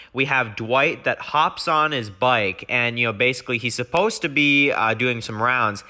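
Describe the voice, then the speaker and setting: A man's voice: medium pitch, sharp tone. A man reviewing a TV show, casually recapping his rewrite of an episode and full of fillers. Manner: rambling, many fillers like basically and you know.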